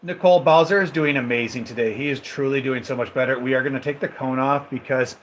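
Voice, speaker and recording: A man's voice: medium pitch, quick pace, fairly bright tone, slight background noise, rough recording. A man hosting a casual live stream from home on a handheld phone, chatting straight to viewers and reading their comments aloud. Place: at home indoors. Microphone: phone held in hand.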